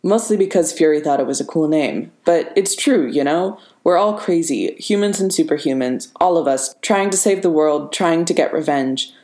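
A woman voicing a weary, grounded male soldier hero who speaks quietly and wryly in an audiobook reading. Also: deep voice, animated, moderate pace, hardly any pauses. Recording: roomy reverberant room.

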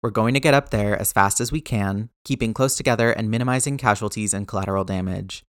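A man voicing a steady, commanding male team leader in a storybook reading, giving firm, clipped orders. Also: on the low side, fast, no echo, clean studio sound.

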